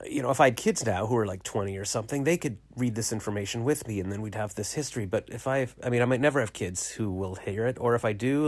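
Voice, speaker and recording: A man's voice: mid-range voice, a little mellow, dry recording. A man recording a casual late-night video diary in his small home studio, rambling and reflective as he retells conversations. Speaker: vlogger.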